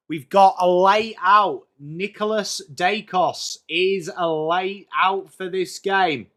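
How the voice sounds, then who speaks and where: A man from England, speaking with an English accent, hosts a casual live watchalong stream for a sports event, chatting and greeting viewers by name. His voice is fairly high-pitched and a bit bright.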